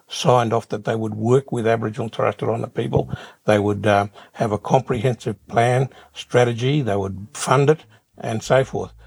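Gravelly older Australian man. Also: lowish voice, a little mellow. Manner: measured, repeats words as he thinks. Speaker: interview guest. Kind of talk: reflective interview answers.

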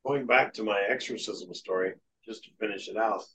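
This interview guest has a lowish, pushed, bright voice and talks briskly over a faint hiss or hum on a low-quality recording. In an earnest, matter-of-fact way, he recounts a long story of his exorcism experience.

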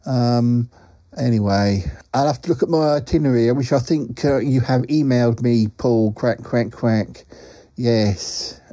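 A man's voice: mid-range voice, a little slow, warm tone, dry recording, muffled recording, natural voice. A man voicing a talking duck who rambles through a comic voice message, with plenty of ums and quacks. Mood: rambling. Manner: rambling, full of ums, quacks between phrases.

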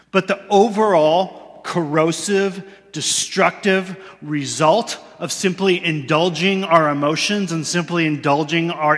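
A man's voice: fairly high pitch, a bit bright. A man preaching a sermon in a church in a loose, conversational way, laughing at himself now and then. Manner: conversational, self-deprecating, laughs often. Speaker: pastor. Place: church sanctuary. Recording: long reverb of a large hall.

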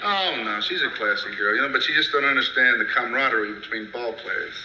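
A blunt, boastful football player, played by a man, talks plainly in an old sitcom. His voice is mid-pitched. The roomy old TV audio carries loud hiss. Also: quick pace, dull audio, close to an everyday voice.

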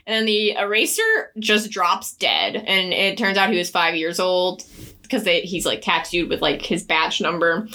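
Bright-voiced woman podcast host. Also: medium pitch, moderate pace. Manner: animated, laughs often, rambling asides. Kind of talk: casual book recap chat.

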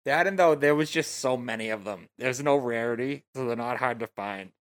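A man's voice: medium pitch, brisk, dry recording, clean studio sound. A man in a casual podcast chat, making short, blunt remarks. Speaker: podcast co-host.

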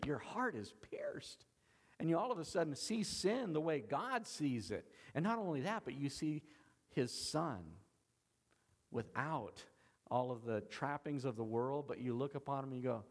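Earnest man preaching in a hall. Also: medium pitch. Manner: earnest, emphatic preaching with repeated phrases. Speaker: pastor. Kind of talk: sermon.

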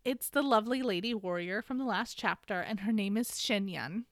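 A woman hosting a podcast, giving a chatty, animated casual recap of a book. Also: medium pitch, normal speed, no room sound, studio quality. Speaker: podcast host.

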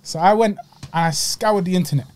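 An Egyptian-born man hosts a podcast, chatting casually and reviewing food with plenty of slang. His voice is high with a darkish tone, and he talks a little fast.

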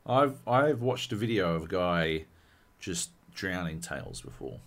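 A man co-hosting a casual podcast, talking in a fairly low voice. He gets animated and swears freely, and he often breaks into laughter mid-sentence. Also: a little slow. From Australia. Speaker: podcast co-host. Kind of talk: casual chat.

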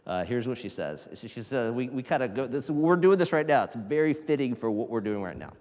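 A male pastor giving a casual, conversational sermon, swinging from loud emphasis to hushed near-whispers. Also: mid-range voice, expressive, a little fast. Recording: long reverb of a large hall.

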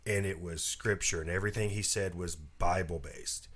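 A man's voice: deep voice, fairly even intonation, normal speed, a bit bright. A man co-hosting a podcast in casual chat, rambling through stories with chuckling asides. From southern West Virginia. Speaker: podcast co-host.

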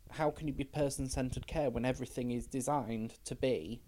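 A woman's voice: very deep voice, steady tone, moderate pace, mellow, slight background noise. A middle-aged trans woman, talking frankly as a podcast guest and telling stories with quoted dialogue. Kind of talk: casual chat.

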